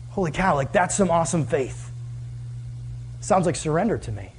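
A man's voice: on the high side, lively intonation, normal speed, long pauses, husky. A man preaching a sermon as pastor, casual and conversational, asking the listeners many questions.

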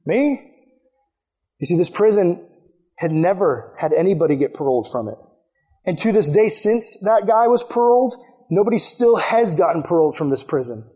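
A man with a high, light voice delivers a relaxed youth sermon. He talks to the room directly in casual slang and acts out the people in his story with quick jumps in pitch. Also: husky. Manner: animated storytelling, acting out characters with sudden high-pitched quotes. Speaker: youth pastor.

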